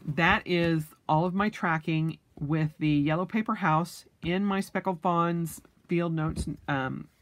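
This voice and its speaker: Young adult woman vlogger with a low voice, a chatty, halting delivery, and hiccups. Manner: chatty, many ums and restarts. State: has the hiccups. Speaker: planner vlogger. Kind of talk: casual flip-through chat.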